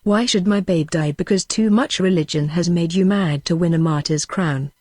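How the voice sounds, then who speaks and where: A woman's voice: fairly low pitch, moderate pace, a little mellow, no echo, lightly acted. A synthetic woman's voice reading the lines of a grieving, feverish mother who is bitter and foresees doom, with no change of voice.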